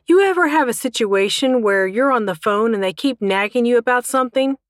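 A woman's voice: fairly high pitch, expressive, fairly quick, dry recording, clean studio sound, voice pushed up, close to an everyday voice. A woman reader voicing a smug, teasing male goblin officer who talks down to a dragon. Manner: glib, teasing, calls everyone babe.

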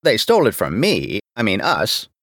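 A man's voice: on the low side, huge pitch swings, moderate pace, a bit bright, no echo, exaggerated voice. A man voicing a distractible older male rear admiral who rambles off topic, in a dry recording. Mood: rambling.

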